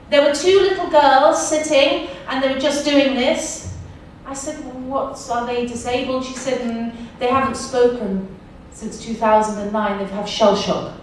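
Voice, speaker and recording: A woman in her forties with an English accent tells a personal testimony to a university audience, pressing her points through repetition. Her voice sits slightly high. It reaches the listener from a distance, washed in heavy room echo with a faint hum of ambience. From England. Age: 40s. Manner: storytelling, emphatic repetition. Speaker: guest speaker. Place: university lecture hall. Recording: echoey hall from far off.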